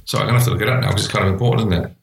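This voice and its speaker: A man co-hosting a podcast, trading jokes and quick asides in casual chat about adverts. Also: on the low side, fairly even intonation, vocal fry, echoey room. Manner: jokey, playful, quick asides. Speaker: podcast co-host.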